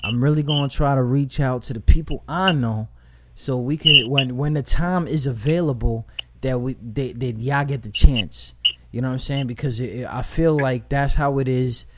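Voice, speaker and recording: A man talking in casual podcast chat, animated and rambling, with lots of slang and "like" fillers as he praises some performing artists. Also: mid-range voice, normal speed, noisy background.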